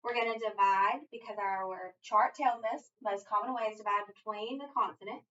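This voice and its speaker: A woman tutoring phonics, breaking each rule into small encouraging steps. Her voice is bright and clear but sits a little back from the mic, on a dull lo-fi recording. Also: medium pitch, steady tone, normal speed, far from the mic, slight background noise. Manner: encouraging, step-by-step instruction. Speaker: reading teacher.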